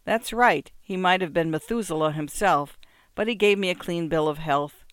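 A man reading an audiobook, voicing a cheerful, soothing older husband with a bright, lively delivery. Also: fairly high pitch, normal speed, clear, resonant tone, no echo, studio quality, natural voice. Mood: jovial. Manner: jovial, reassuring.

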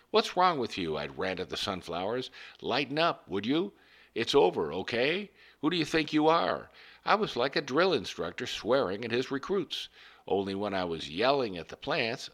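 Guy with a really low voice reading a story, slow and earnest. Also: a bit bright. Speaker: reader of a story. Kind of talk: scripted narration of a first-person story.

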